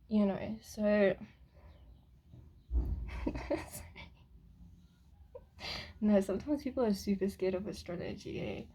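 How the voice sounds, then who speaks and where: A woman's voice: medium pitch, mellow, husky. A woman rambling through a casual spiritual vlog monologue, giggling often and swearing casually. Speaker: spiritual vlogger.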